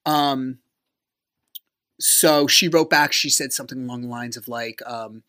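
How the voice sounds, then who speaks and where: A man hosting a podcast, talking through a personal story in a loose, conversational way. His speech is full of fillers and dry, exasperated asides. He leaps up in pitch when he acts out what others said. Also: unhurried, bright, forceful tone. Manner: casual and conversational, with frequent fillers; acts out quoted dialogue with big pitch jumps. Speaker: podcast host.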